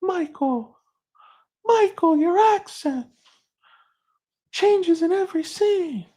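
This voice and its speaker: Male performer as an exasperated wife in a shrill, very high falsetto. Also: animated, slow pace, warm tone, heavily acted. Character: exasperated wife scolding her husband, woman.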